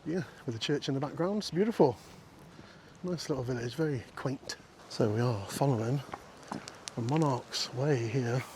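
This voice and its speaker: A man out on a countryside walk vlogs in a medium-pitched voice at a moderate pace. He chats casually, cracking jokes to his audience and the sheep along the fields and paths, while a faint outdoor wind blows.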